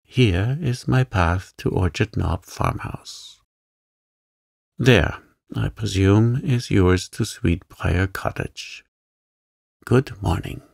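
A man's voice: on the low side, slow pace, vocal fry, a little mellow, slightly rough, no room sound, studio quality, exaggerated voice. A man voicing a poised, spirited young woman.

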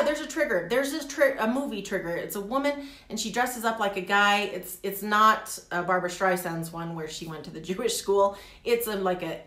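A middle-aged woman talking candidly in a personal vlog, animated and laughing often. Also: medium pitch, echoey room. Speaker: vlogger. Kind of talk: casual personal vlog talk.

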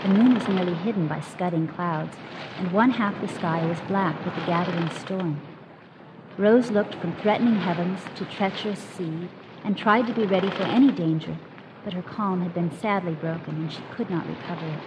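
Woman reading a story over hiss. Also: fairly low pitch. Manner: measured, expressive narration. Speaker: reader. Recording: noisy recording with hiss.

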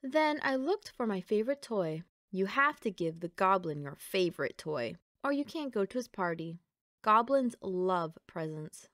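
A woman reading a children's picture book aloud in a gentle, expressive storytelling voice, close to the mic. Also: mid-range voice, moderate pace, dry recording. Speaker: storybook reader.

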